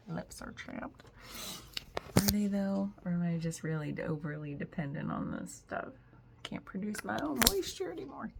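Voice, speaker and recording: A woman with a low, strongly gravelly and husky voice talks through a casual reflective monologue. She restarts her sentences often and drops into soft whispered asides. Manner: thoughtful, self-interrupting, drifting into soft whispered asides. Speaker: host of a spiritual reflection channel.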